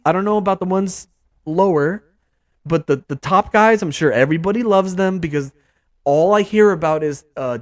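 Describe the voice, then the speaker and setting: A young man hosting a casual sports podcast, ranting with lots of restarts and mock quotes. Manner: animated, repetitive, swings pitch up for mock quotes. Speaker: podcast host.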